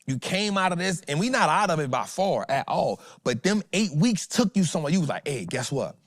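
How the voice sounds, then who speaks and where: Man, motivational host, slangy, animated, higher voice, dry sound. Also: brisk, dry recording. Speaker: podcast host, trading educator. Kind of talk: motivational casual talk.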